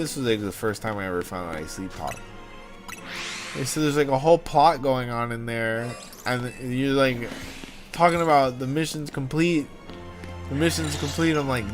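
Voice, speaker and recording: A man's voice: medium pitch, moderate pace. Rambling, joking young man streaming a game. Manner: rambling, joking, swears freely, calls viewers dude and dog. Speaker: livestream gamer. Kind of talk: casual livestream chat while playing. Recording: game music playing under voice.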